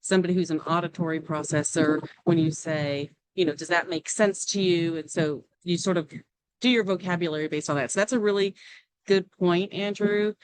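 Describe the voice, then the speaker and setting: A woman's voice: fairly low pitch, fairly even intonation, a little fast, a little hiss or hum, rough recording. A woman leading a team meeting on a video call, chatty and coaching as she adds her own points. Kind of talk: casual meeting talk.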